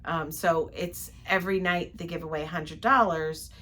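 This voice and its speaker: This older travel-vlog co-host speaks from a ship cabin in a deep, fairly bright voice at a moderate pace, her intonation fairly even. Her casual recap of the day is chatty and detailed, punctuated by frequent laughs.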